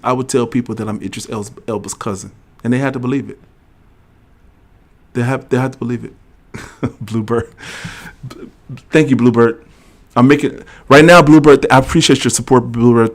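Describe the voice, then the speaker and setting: Brief: middle-aged male livestream host, mid-pitched, casual and talkative, reads rules aloud. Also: brisk. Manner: casual and talkative, reads legal text aloud, jokes with the chat. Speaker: host of a veterans' benefits livestream. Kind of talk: livestream explainer reading regulations and chatting with viewers.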